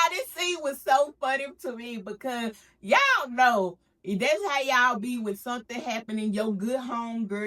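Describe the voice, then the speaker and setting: A woman's voice: a little high, pushed and bright. A woman giving a casual TV recap, acting out the cast's lines with big swings in her voice. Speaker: recap vlogger.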